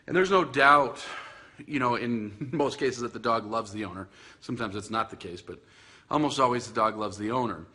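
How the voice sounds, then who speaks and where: A man hosts a casual dog-training podcast from home with a bright, forceful voice. He talks in a loose, chatty way, teasing himself and circling back with ums and restarts. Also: mid-range voice, normal speed. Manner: chatty, self-teasing, many fillers and restarts. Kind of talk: casual video podcast monologue. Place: indoors in front of a Christmas tree.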